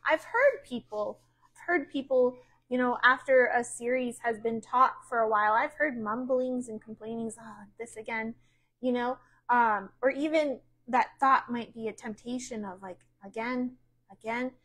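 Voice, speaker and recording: A middle-aged American woman teaches a midweek sermon. Her voice sits a little high, and she reads passages aloud before unpacking them, often restarting a phrase. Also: moderate pace, fairly bright tone, poor audio. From United States. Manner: reads aloud then explains with repeated restarts. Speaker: pastor. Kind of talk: sermon teaching, reading from a book.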